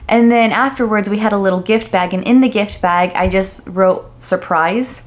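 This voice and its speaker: A young woman narrating a family vlog in a chatty, storytelling way with quick asides. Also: medium pitch. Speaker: family vlogger.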